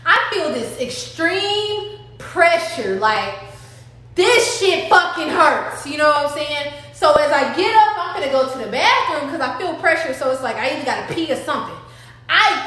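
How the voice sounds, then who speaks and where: A woman's voice: sits high, lively intonation, normal speed, sharp tone. A woman telling a personal storytime, dramatic and profane, talking straight to her viewers. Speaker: storytime vlogger. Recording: very echoey room.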